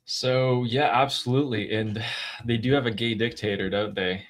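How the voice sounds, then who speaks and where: A man's voice: medium pitch, steady tone, normal speed. A man co-hosting a political commentary show, explaining the news in a casual, emphatic way.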